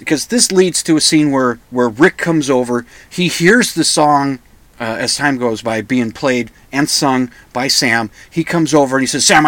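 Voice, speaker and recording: A man's voice: medium pitch, fairly bright tone, dry recording. A man hosting a solo podcast, rambling and pedantic, often restarting and correcting himself. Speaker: podcast host.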